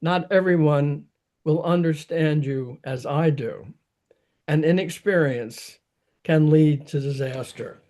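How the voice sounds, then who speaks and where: A man reading aloud the lines of a self-assured young aristocrat who gently lectures a girl. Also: on the high side, takes it slowly. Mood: lecturing.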